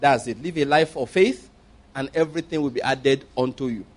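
A man's voice: mid-range voice, fairly quick. A man preaching a sermon as a pastor, emphatic, repeating phrases and firing rhetorical questions at his listeners.

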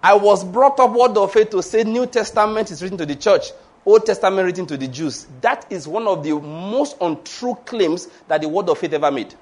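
Pastor preaching, high voice, jokey, laughs a lot. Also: male voice, moderate pace. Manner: animated and humorous, laughing often, acting out quoted voices. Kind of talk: sermon.

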